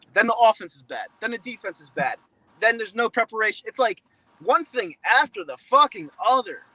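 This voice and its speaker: Host, male, fired-up fan ranter with a high, bright, cutting voice, swears freely. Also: breathy edge, no room sound, poor audio. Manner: frustrated ranting, swears often. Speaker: show host. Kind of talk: heated sports fan podcast.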